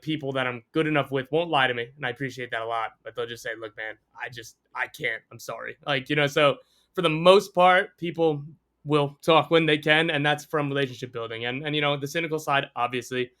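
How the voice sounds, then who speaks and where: A man's voice: medium pitch, sharp tone. A man talking as a sports journalist guest in a casual podcast interview, candid and profane, laughing often.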